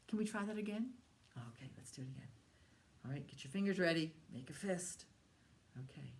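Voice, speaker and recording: A woman librarian leading a storytime for young children, animated and coaxing, asking them questions and often dropping to a hushed whisper. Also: fairly low pitch, a little fast. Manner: asks the children questions and invites them to join in.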